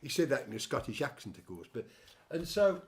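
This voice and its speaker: A man's voice: mid-range voice, very animated, brisk, darkish tone. Older guy rambling thru a story, lots of restarts, dry jokey asides. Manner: chatty storyteller, many restarts, wry asides. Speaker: show host and songwriter. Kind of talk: rambling casual chat.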